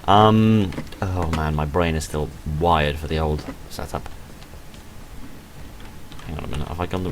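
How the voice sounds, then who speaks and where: Here the man's voice is a rumbling low, steady in tone and unhurried, with frequent pauses and background noise. He rambles through casual commentary on his gaming video, mocking himself and insisting he's tired and half asleep.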